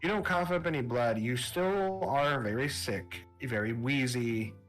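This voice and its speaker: A man's voice: medium pitch, measured pace, a bit bright, faint music behind, rough recording. A man narrating a tabletop game as game master, loose and casual.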